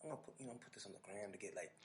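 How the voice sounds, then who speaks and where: A man hosting a podcast, telling an animated, casual story full of restarts and asides. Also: fairly low pitch, very fast, slight background noise. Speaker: podcast host.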